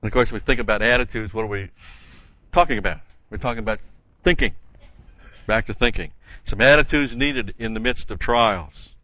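A man's voice: on the low side, fairly quick, bright, forceful tone, no echo, muffled recording. A man teaching a Bible study in an earnest, emphatic way, stopping often with "uh" and restarting phrases.

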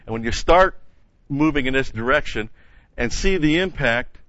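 A man's voice: mid-range voice, expressive, normal speed, fairly bright tone, no echo, lo-fi sound. A man teaching a Bible study in an earnest, emphatic way, stopping often with "uh" and restarting phrases.

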